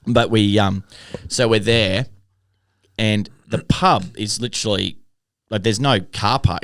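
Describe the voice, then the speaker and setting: A man's voice: fairly low pitch, vocal fry, a bit bright, dry recording. A young Australian man co-hosting a podcast, telling a story in a sweary, laughing, casual way. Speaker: podcast co-host. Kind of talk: casual chat.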